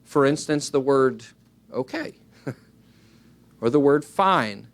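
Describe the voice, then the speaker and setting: A man preaching a sermon, earnest and emphatic, swinging his pitch widely and acting out little dialogues as he goes. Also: expressive, takes it slowly.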